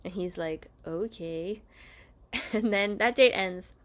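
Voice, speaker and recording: Sitting on her bed at home, a young woman YouTuber casually chats while recapping a reality show, often acting out quotes in different voices. Her voice is medium-pitched and her pace unhurried.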